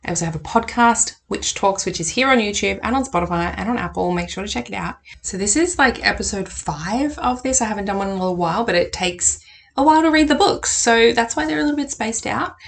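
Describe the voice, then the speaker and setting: A woman hosting a casual book review vlog, chatty and enthusiastic. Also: mid-range voice. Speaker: tarot reader and YouTube host.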